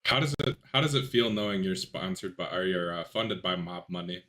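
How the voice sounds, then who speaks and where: A man's voice: low-pitched, animated, a little fast, bright, forceful tone. A man joking in a casual podcast chat. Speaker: podcast co-host.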